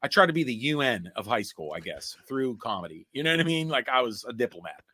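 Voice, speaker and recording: A man in his forties hosting a podcast, chatting casually and telling animated stories full of put-on quotes and laughter. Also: medium pitch, quick pace. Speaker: podcast host. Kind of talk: casual chat.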